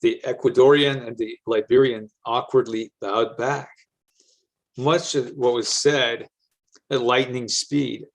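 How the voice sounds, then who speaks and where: Man reading a story in an even voice. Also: mid-range voice, slow. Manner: even, matter-of-fact narration with casual slang in dialogue. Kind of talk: audiobook-style story reading.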